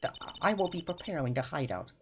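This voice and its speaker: A man livestreaming a game and reading every part aloud, pausing to ask himself how to do the voices. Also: fairly high pitch, lively intonation, a little hiss or hum. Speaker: streamer. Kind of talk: let's play livestream reading. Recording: loud game music underneath.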